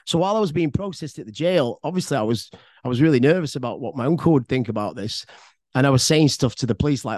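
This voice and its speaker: An English man tells a personal story in a loose, rambling podcast style, swearing freely and often repeating himself as he goes. His voice sits at an ordinary middle pitch, and the recording is dry and close, with no room sound. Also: lively intonation, fast, darkish tone, no echo. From England. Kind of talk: casual spoken storytelling.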